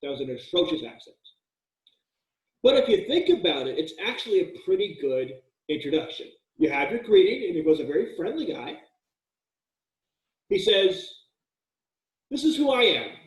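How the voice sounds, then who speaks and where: A man's voice: on the high side, very animated, moderate pace, long pauses. A male college writing instructor giving a casual, joking lecture with frequent fillers and restarts, recorded in an echoey room with the mic at a distance.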